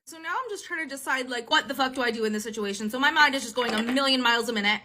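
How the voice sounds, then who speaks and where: A young woman telling a dating horror story in a casual, animated way, full of fillers and swearing. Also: sits high, rapid-fire, few pauses.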